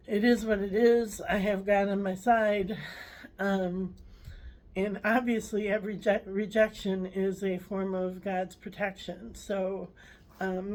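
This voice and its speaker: Slow, halting woman vlogger. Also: medium pitch, a little mellow, low-quality recording. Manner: halting and emotional, many fillers and restarts. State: tearful. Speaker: channel host. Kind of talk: personal vlog.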